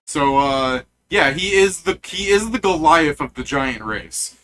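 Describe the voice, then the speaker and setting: A man running a tabletop game as game master, animated and often repeating himself. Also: fairly high pitch, unhurried.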